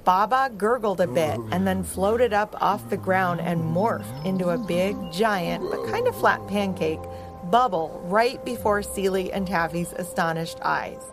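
A woman co-hosting a podcast, narrating a children's story in a slow, expressive and playful way. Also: on the low side. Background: music.

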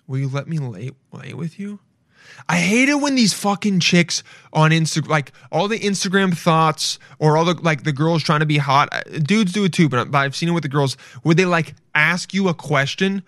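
A young man talks over videos in loose, foul-mouthed commentary, blunt and crude in his asides. His voice sits a touch high for a man. It is recorded close and dry, with no room echo. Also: lively intonation, normal speed, fairly bright tone. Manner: crude, blunt, swears freely. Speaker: streamer reacting to videos. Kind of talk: casual reaction commentary.

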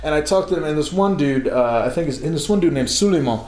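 A man's voice: on the high side, expressive, quick pace, darkish tone. A man in his thirties telling a long, rambling story in casual chat, laughing and swearing as he goes. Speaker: podcast co-host telling stories. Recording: echoey room.

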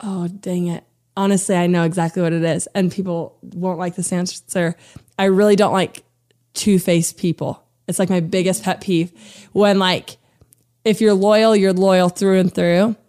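A woman's voice: lowish voice, steady tone, normal speed, dark tone. A woman in her thirties, an interview guest chatting casually, laughing often and using lots of "like" fillers. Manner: bubbly, laughing storyteller with many "like" fillers. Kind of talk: casual chat.

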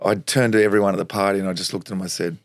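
Gravelly, low-voiced Australian storyteller man. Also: racing, no room sound, clean studio sound. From Tasmania, Australia. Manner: animated storyteller, acts out quoted voices, laughs often. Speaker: guest, former footballer. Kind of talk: storytelling interview.

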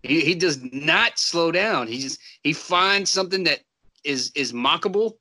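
Bright-voiced, laughing man. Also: fairly high pitch, lively intonation. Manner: laughs often, drawn-out swearing asides. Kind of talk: casual chat.

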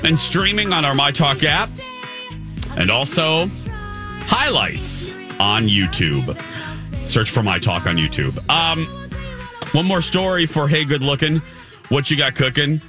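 A man's voice: on the high side, lively intonation, unhurried, long pauses, music in the background. A man co-hosting a morning radio show, chatting casually with many fillers and self-mocking restarts. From Indiana. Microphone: studio microphone.

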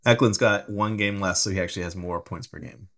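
Low-voiced easygoing male co-host. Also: a little fast, fairly bright tone. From San Jose area. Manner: storytelling, easygoing. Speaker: podcast co-host. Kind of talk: live podcast chat.

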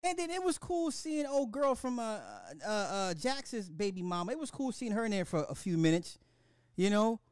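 A man hosting a casual podcast, ranting in an animated, profane, excitable way. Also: high-pitched, normal speed, clear, resonant tone, dry recording, studio quality. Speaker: podcast host.

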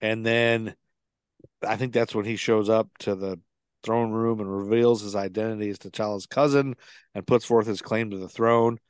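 A man's voice: fairly low pitch, steady tone, normal speed, smooth, dry recording, studio quality. A man co-hosting a podcast, casually recapping a film plot with lots of fillers and restarts. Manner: rambling, with many fillers and restarts. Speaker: podcast co-host.

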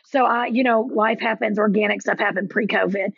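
A woman in her forties in casual chat, telling lively stories and acting out quotes in a higher voice. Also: brisk, vocal fry, slightly rough, no echo, lo-fi sound. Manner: animated storyteller, acts out quotes with a jump in pitch. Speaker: podcast guest.

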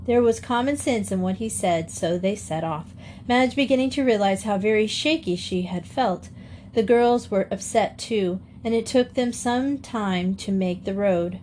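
A woman reading a classic children's novel aloud as an audiobook narrator, in a steady storytelling manner. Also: mid-range voice, unhurried, a little hiss or hum. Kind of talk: scripted narration.

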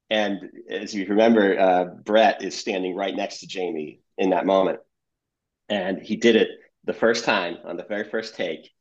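A man's voice: low-pitched, highs cut off. A man, a comedy editor, telling behind-the-scenes stories in a casual interview and laughing often.

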